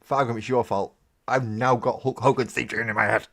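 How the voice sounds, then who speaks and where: A man's voice: mid-range voice, steady tone, brisk, fairly bright tone. A man hosting a casual live stream while painting miniatures, rambling and joking, with casual swearing. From Britain. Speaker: streaming hobby host.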